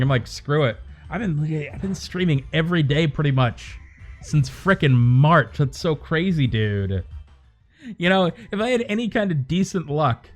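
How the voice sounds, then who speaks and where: A man streaming from home in loose, off-the-cuff chat, his voice sitting a little higher than most men's. He rambles, swears freely and slides between jokes and rants. Faint music plays quietly behind him. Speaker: livestreamer. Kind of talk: casual livestream chat.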